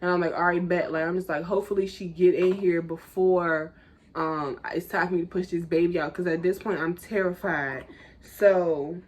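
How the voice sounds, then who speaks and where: A young woman, telling a personal story in a chatty, animated vlog style. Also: on the low side, normal speed. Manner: chatty, animated, lots of "like" and "y'all". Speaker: vlogger. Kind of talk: casual storytime.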